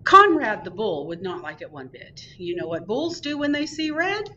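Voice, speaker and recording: A woman librarian reading a picture book aloud to children, expressive and drawn out. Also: medium pitch, normal speed, distant mic, highs cut off, a little hiss or hum.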